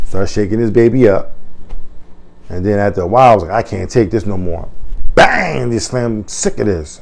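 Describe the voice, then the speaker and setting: A man's voice: on the low side, warm tone. A man in casual video commentary, talking in a conversational way full of "you know what I'm saying" and heated rhetorical questions. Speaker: commentator on a news story.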